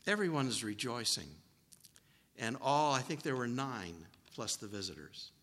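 A man's voice: mid-range voice, lively intonation, normal speed, fairly bright tone, big-room sound. A man preaching a sermon, telling a personal story in a folksy, anecdotal way.

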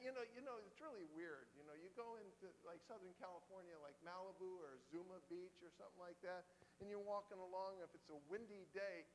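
A man's voice: high-pitched, a bit bright. A man preaching a sermon in a conversational, emotional way, often repeating phrases for emphasis. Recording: long hall reverb with faint hum.

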